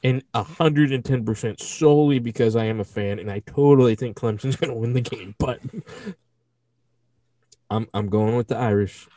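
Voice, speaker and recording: A young man co-hosting a podcast, animated and jokey, swearing freely in casual chat. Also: mid-range voice, normal speed, no echo. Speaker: podcast co-host.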